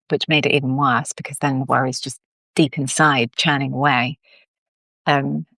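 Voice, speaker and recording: Low gravelly woman, calm and reflective. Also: no echo. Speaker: co-host. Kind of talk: casual chat on a live video call. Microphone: video call.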